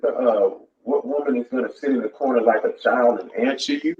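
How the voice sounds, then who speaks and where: A man's voice: medium pitch, brisk, lo-fi sound. Blunt man in an echoey room. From United States. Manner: blunt, profane, keeps asking "you know what I'm saying". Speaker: channel host. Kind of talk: casual live-stream chat. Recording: roomy echo, faint background noise.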